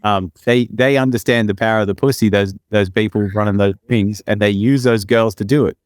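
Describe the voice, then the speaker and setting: A man's voice: fairly low pitch, steady tone, a little fast, clear, resonant tone, dry recording, studio quality. A man co-hosting a podcast, telling rambling stories full of fillers and restarts. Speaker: podcast co-host. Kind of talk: casual podcast chat.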